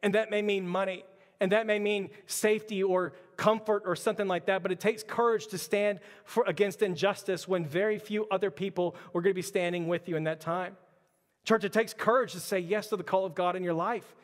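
Impassioned high-voiced preacher in a hall. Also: male voice, fairly even intonation, brisk. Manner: impassioned, repetitive rhetorical questions. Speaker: pastor. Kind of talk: sermon.

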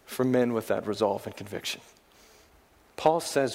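A man's voice: mid-range voice, big pitch swings, a little fast, warm tone, long reverb tail. A male pastor preaching a sermon, building to emphatic exhortations.

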